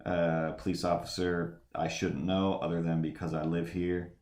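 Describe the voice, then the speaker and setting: A man's voice: low voice, level tone, normal speed, a little mellow, echoey room. A man telling a long anecdote during a live drawing stream, rambling with many "like"s and restarts and acting out the people in his story. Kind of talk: casual anecdote.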